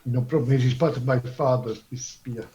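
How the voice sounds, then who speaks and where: A man playing a tabletop role-playing game, speaking his character in a formal, halting way. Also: mid-range voice, mellow, muffled recording. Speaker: player.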